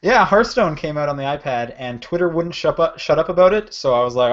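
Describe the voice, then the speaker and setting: A man's voice: fairly high pitch, lively intonation, fairly quick. Man, podcast co-host, casual chat, rambling, self-correcting, dull lo-fi sound.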